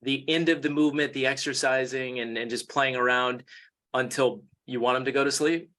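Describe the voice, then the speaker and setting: A man's voice: mid-range voice, fairly even intonation, a little fast, fairly bright tone. A man moderating a panel discussion, asking conversational follow-up questions. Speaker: moderator and news anchor.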